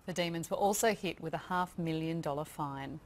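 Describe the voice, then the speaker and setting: A woman hosting a TV news show, reading headlines briskly and laughing easily with her co-hosts. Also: sits low, slight background noise. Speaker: news host. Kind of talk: news reading and studio banter. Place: TV studio.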